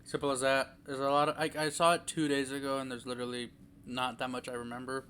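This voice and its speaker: A man's voice: medium pitch, flat delivery, fast, fairly bright tone, a little hiss or hum. A young man giving a casual, rambling movie review, full of fillers and restarts.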